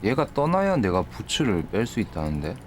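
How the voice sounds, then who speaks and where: A man streaming a game, muttering quick casual asides to himself while he plays. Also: on the low side, wildly swooping pitch, a little hiss or hum. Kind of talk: casual play commentary.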